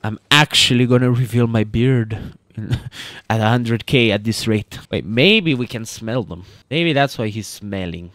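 A man's voice: mid-range voice, slow, fairly bright tone, no room sound. Joking man rambling over gameplay. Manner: joking, rambling, talks to viewers as boys. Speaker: gaming YouTuber. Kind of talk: casual gameplay commentary.

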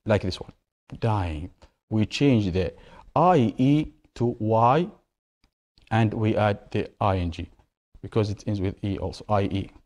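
A man with a mellow, warm voice teaches a grammar lesson at a mid pitch. He works through each example by posing a question, answering it himself and repeating the key words. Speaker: English teacher.

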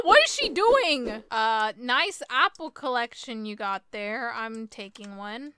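A young woman chatting excitedly through a game, full of gasps and laughs. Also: high voice, takes it slowly, soft background music. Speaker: gaming YouTuber. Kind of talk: playthrough commentary.

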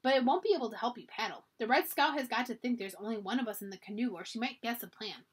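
A woman's voice: a little high, fast talker, breathy edge. A woman voicing a determined, scheming young girl at camp, talking earnestly and urgently while reading a children's storybook aloud.

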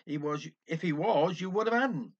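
A man voicing an easygoing older husband, speaking low and teasing gently. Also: lively intonation, moderate pace. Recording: dull lo-fi recording.

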